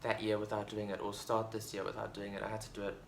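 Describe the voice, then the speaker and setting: A man with a lowish voice talks through his favorite books in a loose, enthusiastic vlog chat, stumbling and restarting as he goes. The room around him rings with echo, and a faint hiss sits underneath. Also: monotone, quick pace, gravelly. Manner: rambling, enthusiastic, full of fillers and restarts. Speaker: book vlogger. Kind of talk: casual book review chat. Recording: roomy echo, faint background noise.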